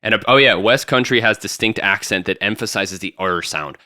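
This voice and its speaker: Young male podcast co-host, bright, slightly low voice, animated and jokey, dry close mic. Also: brisk, no room sound. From Tampa, Florida. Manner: animated, jokey, jumps in often, many restarts. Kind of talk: casual chat.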